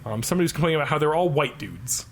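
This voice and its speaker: A fairly high-voiced man riffing on a podcast, rambling from one joke to the next. He swears casually and keeps things loose and chatty. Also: expressive, racing, gravelly. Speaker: podcast co-host. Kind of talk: casual chat.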